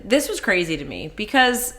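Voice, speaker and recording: A woman's voice: medium pitch, big pitch swings, moderate pace, a bit bright. A woman co-hosting a podcast in casual chat, earnest with a dry sarcastic streak. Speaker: podcast co-host.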